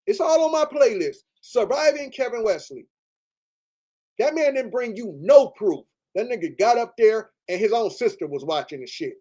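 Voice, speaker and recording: A man's voice: extremely high pitch, sing-song, moderate pace, dark tone, breathy edge. A man hosting a livestream, ranting in a heated, profane, repetitive way. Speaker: livestream host. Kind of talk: livestream rant.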